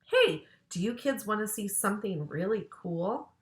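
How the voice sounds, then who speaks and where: A woman's voice: medium pitch, sing-song, a little slow. A woman voicing a cheerful female zookeeper in a read-aloud storybook, chirpy and enthusiastic, with a roomy echo.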